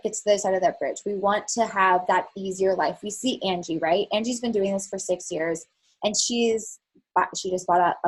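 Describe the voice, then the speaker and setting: A woman's voice: mid-range voice, husky. Frank, chatty woman coaching her team. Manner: frank and chatty, swears, many fillers. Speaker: network marketing fitness coach. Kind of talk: candid motivational team call talk.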